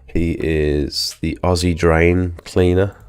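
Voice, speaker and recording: A man with a low voice, a bit under the weather, rambles through casual live-stream chat with plenty of ums. His talk wanders as he answers viewers. Faint music sits in the background. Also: level tone, slow pace, a little mellow, clear, resonant tone. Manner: rambling, filler-heavy, chatting to viewers. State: ill. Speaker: pressure washing business owner and live streamer.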